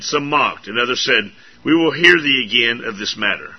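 A man reads scripture aloud at a church service, steady and measured. His voice is husky and slightly breathy. The recording is dull and lo-fi. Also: mid-range voice. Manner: measured King James reading.

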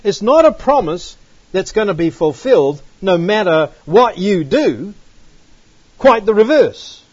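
A man's voice: high-pitched, big pitch swings, a little slow, a little mellow, husky. A man giving a Bible teaching, reading verses aloud and asking emphatic rhetorical questions. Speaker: preacher. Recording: dull dry lo-fi recording.

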